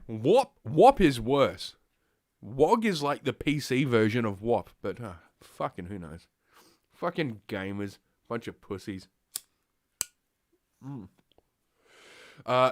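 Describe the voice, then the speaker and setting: A man's voice: mid-range voice, dry recording. Aussie guy ranting on his stream, sweary and sarcastic, stuffed-up sniffly nose, dry close mic. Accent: Australian. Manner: profane, sarcastic, rambling. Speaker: streaming show host. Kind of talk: ranting news commentary. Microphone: desk microphone.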